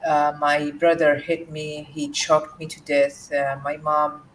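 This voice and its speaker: In a low voice with little pitch movement, a guest from Jordan recounts a painful personal story during an interview. She hesitates, restarts frequently, and leans on fillers. Faint background noise comes through a distant mic.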